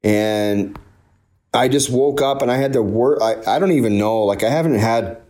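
A man's voice: mid-range voice, moderate pace, a little mellow. A man in his forties, a former pro hockey player, talking candidly and at length in an interview, often repeating himself. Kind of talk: emotional interview conversation.

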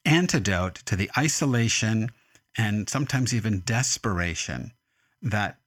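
A man interviewing an author in a calm, thoughtful manner, at times reading quotes aloud. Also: lowish voice, a little slow, dry recording. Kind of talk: radio interview.

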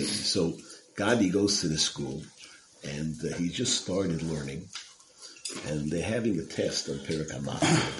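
Male Torah lecturer, storyteller, loose and digressive, very low voice, echoey noisy recording. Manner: casual, digressive, many fillers and asides. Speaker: Torah class speaker. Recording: roomy with clear background noise.

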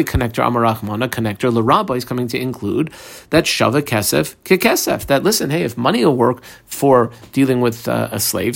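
A man's voice: mid-range voice, creaky. A man teaching a Talmud class, methodically walking through the page line by line and quoting the Aramaic text.

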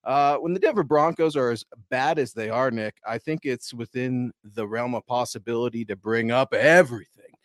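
Male sports stream co-host, mid-pitched, opinionated and talkative, dry close sound. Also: moderate pace, no echo. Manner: opinionated, talks at length, chatty. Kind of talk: casual livestream chat.

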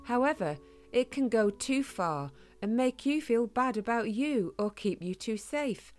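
A woman hosting a bedtime story show, calmly introducing the book and its author. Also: on the high side, unhurried. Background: music.

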